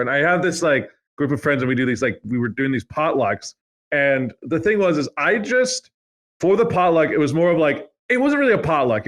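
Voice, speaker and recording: Young male podcast co-host, a touch high-pitched, rambly, loose delivery. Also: a bit bright. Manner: rambling, heavy on filler words. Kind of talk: casual chat.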